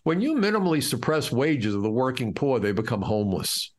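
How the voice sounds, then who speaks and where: A middle-aged man from the United States speaks as an interview guest in a mid-pitched voice. He tells his stories with an impassioned, indignant edge. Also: sing-song, a little fast. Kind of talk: storytelling in an interview.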